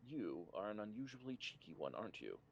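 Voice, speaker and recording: A man voicing a crafty male hobgoblin who runs a prison, speaking in a low, quiet, measured way with a hint of menace. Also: sing-song, vocal fry, lo-fi sound, a little hiss or hum. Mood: sly, probing.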